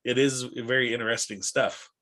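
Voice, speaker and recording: A male podcast host chats casually with his guest. He asks questions in a relaxed, appreciative way with occasional fillers. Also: mid-range voice, normal speed. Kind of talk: casual interview chat.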